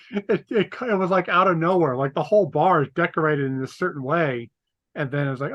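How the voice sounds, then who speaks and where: A man co-hosting a movie podcast talks in loose, rambling chat, full of fillers and crude jokes. His voice sits slightly high for a man. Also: brisk, fairly bright tone, muffled recording. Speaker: podcast co-host.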